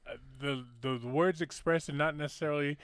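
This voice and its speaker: A man's voice: on the high side, fairly even intonation, a little fast, fairly bright tone, clean tone, no echo. A man hosting a casual talk show, telling a crude joke with lots of swearing and restarts. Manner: profane, rambling, restarts a lot. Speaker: podcast host.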